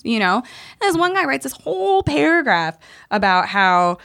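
A woman's voice: mid-range voice, lively intonation, fairly quick, fairly bright tone. Blunt, profane woman veteran storyteller. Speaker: veteran guest. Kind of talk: candid podcast conversation.

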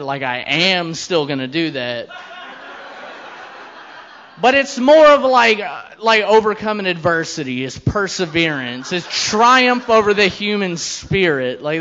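A man's voice: high voice, fairly bright tone, lo-fi sound. A man in his thirties doing a stand-up comedy set, telling a crude story with brash, profane delivery and quoted voices.

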